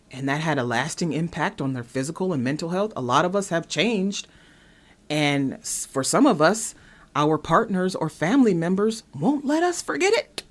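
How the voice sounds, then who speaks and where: Woman ranting on her vlog, pitch jumping all over, fed up and asking why why why. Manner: animated and exasperated, with rhetorical questions. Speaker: host. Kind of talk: opinionated commentary monologue.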